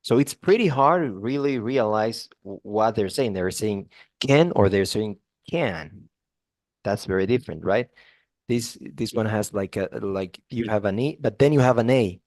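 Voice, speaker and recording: A man's voice: fairly low pitch, animated, a little slow, a little mellow, no room sound. A man giving a one-on-one English pronunciation lesson, explaining patiently and repeating example words, with frequent restarts. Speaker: English tutor.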